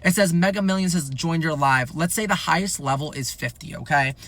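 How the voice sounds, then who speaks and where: Fast-talking young man telling a storytime. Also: fairly high pitch. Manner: rambling, animated, heavy filler "like", frequent swearing. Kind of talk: casual storytime monologue.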